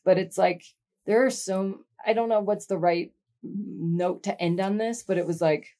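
A woman's voice: mid-range voice, steady tone, unhurried, mellow. A middle-aged woman co-hosting a podcast in casual chat, frank and reflective, swearing now and then. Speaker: podcast co-host.

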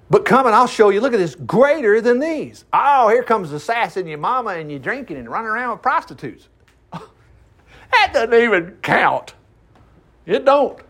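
A man preaching an informal Bible-teaching sermon in a folksy way, reading scripture and acting out quotes in mocking voices. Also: high voice. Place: farm.

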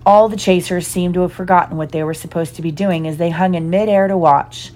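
A woman giving a lively, expressive storybook narration. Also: on the low side, fairly quick. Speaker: audiobook reader.

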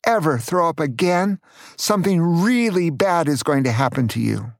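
Strict loving mom, older guy doing her lines, gravelly, dry sound. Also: fairly high pitch, expressive, normal speed, no echo. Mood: angry. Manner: stern then apologetic. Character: mother of a small boy, strict but loving.

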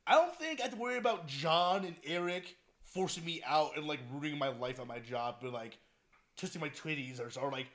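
A man's voice: a little high, lively intonation, brisk, a bit bright. A young man chatting casually and profanely, rambling with many restarts and laughing often.

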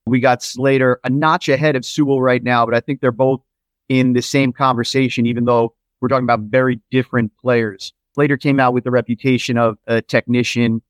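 A man's voice: mid-range voice, little pitch movement, fairly quick, dry recording. A man hosts a casual football podcast, his voice sitting in an ordinary middle register. He rambles through his points with plenty of asides and restarts. The sound is dry and close. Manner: loose, rambling, many fillers and restarts. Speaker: podcast host. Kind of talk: casual sports analysis chat.

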